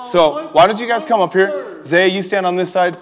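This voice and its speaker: Energetic young male preacher in a reverberant hall. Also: sits high, normal speed. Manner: animated, calls for crowd responses, laughs often. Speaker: youth pastor. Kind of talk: energetic sermon. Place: church hall with a live audience.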